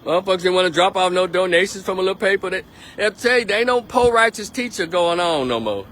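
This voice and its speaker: A man's voice: sits high, quick pace, fairly bright tone, a little hiss or hum. A man giving a blunt, emphatic political monologue on a live stream, repeating his points.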